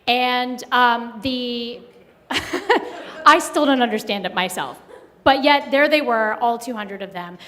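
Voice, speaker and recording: A woman telling a personal story live at a story slam, conversational with many pauses and fillers. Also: on the high side, a bit bright. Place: live event hall. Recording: long hall reverb.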